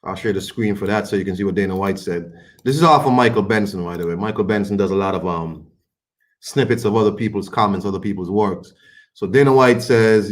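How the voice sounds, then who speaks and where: A man's voice: lowish voice, fairly quick. A man giving loose, colloquial boxing commentary on his own livestream, rambling in a casual chatty way.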